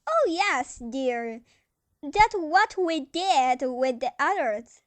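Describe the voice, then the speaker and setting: A young woman on stage playing a calm, sweet elderly aunt in amateur acting, speaking soothingly and calling others dear. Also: high-pitched, drawn-out words, no room sound, full character voice. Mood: placid. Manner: soothing, gentle, says dear often.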